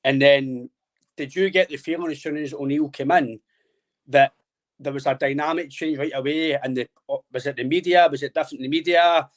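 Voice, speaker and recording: A man's voice: fairly high pitch, fairly even intonation, a little fast. A man in his twenties, hosting a casual football podcast and chatting in a friendly, rambling way. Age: 20s. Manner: friendly, rambling, says "mate" constantly. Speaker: podcast host.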